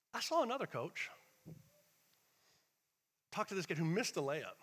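Animated high-voiced preacher in echoing church. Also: male voice, brisk, pauses often. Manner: animated, acts out quoted voices, shifts between shouting and hushed asides. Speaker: pastor. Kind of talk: sermon.

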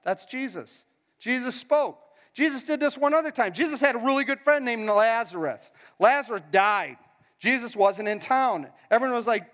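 High-voiced man preaching in a reverberant hall. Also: lively intonation, normal speed, fairly bright tone. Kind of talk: casual sermon.

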